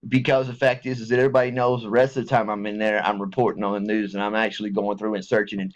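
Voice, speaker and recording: A man talking to his viewers in a rambling spoken apology, folksy and meandering, often stopping to restart, and rising from low mutters to high laughing bursts. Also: creaky. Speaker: online video maker. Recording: dull lo-fi home recording.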